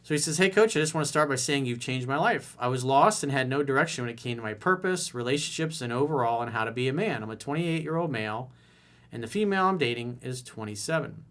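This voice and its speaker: A man's voice: medium pitch, fast, fairly bright tone. A man as a dating coach, reading viewer emails aloud and answering them with blunt, casual, direct advice.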